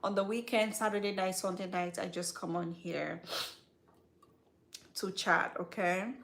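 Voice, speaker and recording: A woman's voice: medium pitch, fairly even intonation, unhurried, gravelly, a bit bright. A woman hosting a skincare live stream, chatting casually and straight to her viewers with slangy asides. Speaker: skincare channel host.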